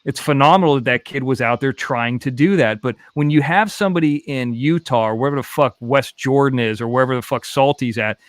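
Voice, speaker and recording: A man's voice: mid-range voice, a little fast, hardly any pauses, no echo, clean studio sound. A man in his thirties from the Los Angeles area, telling a story in a casual podcast chat, swearing freely and acting out both sides of phone calls. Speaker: podcast host.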